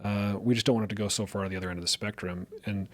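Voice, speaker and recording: A middle-aged man co-hosting a casual podcast conversation, telling lively everyday stories and illustrating them as he goes. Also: lowish voice, very fast, no echo. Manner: lively storyteller, acts out parent voices. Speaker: podcast co-host.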